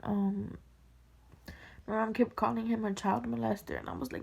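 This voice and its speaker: Tearful young woman, gravelly and hushed. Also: on the high side, flat delivery. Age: early 20s. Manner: halting, soft-spoken, often whispering. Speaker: vlogger. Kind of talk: personal storytelling to camera.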